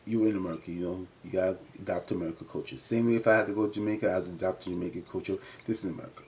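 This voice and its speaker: A man giving a casual recap of a reality show episode, chatty and full of "you know" fillers, jumping up in pitch whenever he acts out what the cast said. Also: fairly even intonation, rapid-fire, a little mellow, a little hiss or hum.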